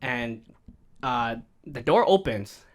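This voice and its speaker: A man's voice: mid-range voice, slow. Young man laughing through a story. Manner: laughs often, animated retelling with quoted voices. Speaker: podcast co-host. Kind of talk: casual storytelling chat.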